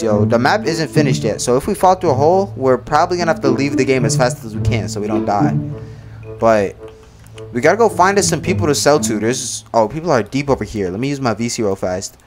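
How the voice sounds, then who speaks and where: A teenage boy chatting loudly over voice chat in a Roblox game, trading slangy banter. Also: mid-range voice. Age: teens. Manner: loud, excitable, slangy banter. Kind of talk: casual gaming voice chat.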